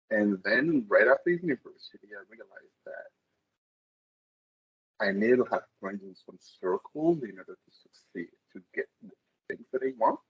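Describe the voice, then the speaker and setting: A man's voice: lowish voice, creaky, breathy edge, no echo, muffled recording. A man speaking in a casual panel discussion, reflective and searching for his words.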